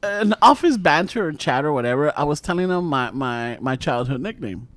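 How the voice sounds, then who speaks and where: Animated man telling a spooky story. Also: on the high side, normal speed, no room sound. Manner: animated storytelling, swearing, mixes in Spanish. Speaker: storyteller guest. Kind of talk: casual chat.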